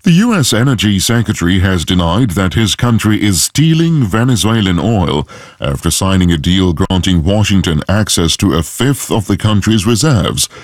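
A man reading a scripted news bulletin in a measured, formal way at a close studio mic. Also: low-pitched, sing-song, no room sound. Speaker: newsreader.

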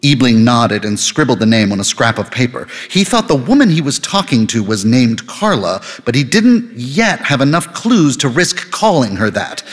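Man narrating an audiobook, lively pitch, husky voice, long reverb. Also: normal speed, few pauses. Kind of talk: scripted narration.

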